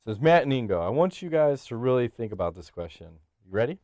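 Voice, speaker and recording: A brash, foul-mouthed man co-hosting a podcast. He talks in a middling voice, fast and loose, cracking jokes and laughing often. The close mic is dry, with no room sound. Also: mid-range voice, sing-song, dark tone, dry recording. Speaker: podcast co-host. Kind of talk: casual chat.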